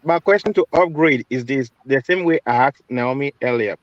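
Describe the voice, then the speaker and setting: A man presses the same question over and over in an online debate, pushing for a clear answer. His voice comes through dull and lo-fi. It is dry, with no room sound. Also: medium pitch, moderate pace, no echo. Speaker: questioner in panel. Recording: dull lo-fi online call audio.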